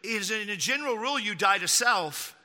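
Bright, ringing preacher from Texas. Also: male voice, high voice, lively intonation, brisk, long reverb tail. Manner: emphatic, repeats key lines, mocking asides. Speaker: pastor. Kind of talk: sermon.

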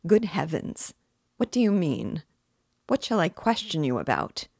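A woman's voice: sits low, very animated, measured pace, gravelly, a little mellow, breathy edge, dry recording, studio quality, exaggerated voice. A woman voicing a sly, fussy, jovial middle-aged male police investigator in an audiobook reading. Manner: fussy, cajoling, laughing.

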